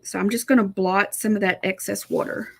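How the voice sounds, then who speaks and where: A woman's voice: mid-range voice, fairly even intonation, fairly quick, gravelly, a bit bright, breathy edge. A middle-aged woman giving a chatty live painting tutorial, thinking aloud and correcting herself as she goes. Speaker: art instructor.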